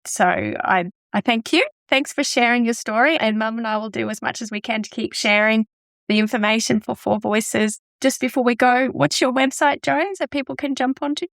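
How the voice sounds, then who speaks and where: A woman's voice: on the high side, fairly even intonation, moderate pace, creaky, a bit bright, no room sound, clean studio sound. Effusive woman host. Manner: effusive, emotional reactions. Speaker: podcast host. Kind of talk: warm interview wrap-up.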